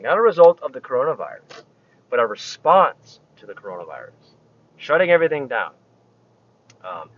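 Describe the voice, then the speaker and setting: A man vlogging while he drives his truck, rambling in halting, restarting phrases with a sarcastic edge. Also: medium pitch, muffled recording. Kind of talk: casual opinion vlog. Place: inside a truck while driving.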